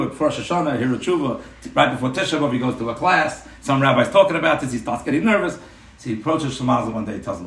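A man giving a storytelling Torah class, animated and full of rhetorical questions. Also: mid-range voice, fast. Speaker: Torah teacher. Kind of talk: storytelling sermon. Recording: roomy room, mic at a distance.

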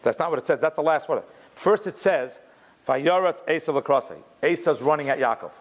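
A man teaching a Torah class in an animated way, explaining commentary, restarting often and mixing in Hebrew terms. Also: a little high, fairly quick.

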